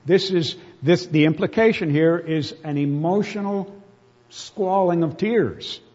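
A man's voice: fairly high pitch, unhurried, a little mellow. A man preaching a sermon, reading scripture aloud with earnest, emotional emphasis. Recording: dull reverberant hall.

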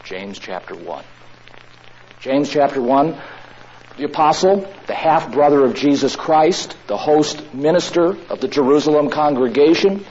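At normal speed and with a fairly high, slightly mellow voice, a man delivers an emphatic sermon, restating his main lines for emphasis. The audio sounds dull and lo-fi, with faint noise in the background.

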